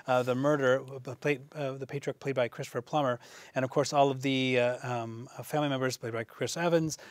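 Fast-talking man reviewing films. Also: medium pitch, steady tone, no echo. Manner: rambling, halting with many fillers. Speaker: film review show co-host. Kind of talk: casual film review chat.

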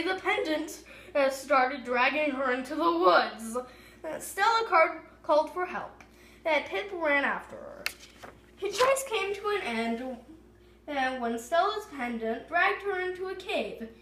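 Lady reading a kids story out loud, high voice, slow, lots of ums and restarts. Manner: unpolished reading with stumbles and fillers. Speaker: reader. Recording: echoey room.

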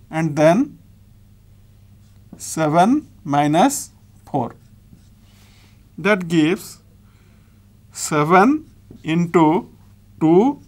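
Slow Indian English maths teacher, man. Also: on the high side. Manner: slow, step-by-step dictation while writing. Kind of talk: blackboard maths lesson.

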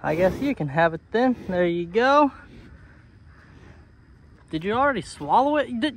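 A man talking casually to his goats on a homestead, coaxing and scolding them playfully, his voice jumping high when he is exasperated. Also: expressive, moderate pace, long pauses. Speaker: homesteader vlogger. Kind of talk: casual talk to farm animals. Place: outdoors on a homestead among goats and animals.

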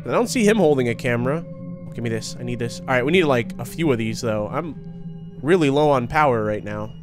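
A young man giving excitable, laughing commentary while playing a horror video game. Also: medium pitch, a little fast, music in the background. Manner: excitable, laughing, talks to himself and the viewers. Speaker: gaming YouTuber.

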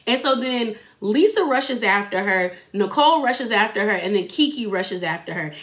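A woman's voice: on the high side, expressive, moderate pace, hardly any pauses, a bit bright. A young adult woman giving a chatty, opinionated recap of a reality show in casual slangy talk, acting out what people said.

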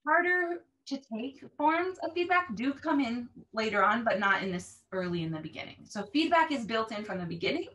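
A woman language teacher explaining how she runs her classes, animated and acting out phrases with exaggerated intonation. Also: a little high, normal speed, few pauses, distant mic.

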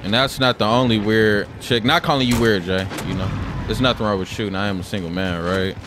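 Over a noisy background, a man with a fairly low voice talks fairly quickly in an even tone while streaming a game. He keeps the commentary casual, spinning loose, profane stories and tossing around "bro" constantly.

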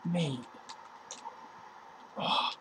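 A young man, casually commentating his own football video game match, excitable and slangy, talking to the game and his opponent. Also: extremely slow, background noise. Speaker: gaming YouTuber.

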